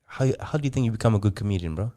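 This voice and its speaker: A man's voice: lowish voice, rapid-fire. A young man hosting a podcast, telling stories in a casual, joking way with some swearing. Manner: animated, joking, swearing storyteller. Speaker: podcast host. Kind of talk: casual chat, storytelling.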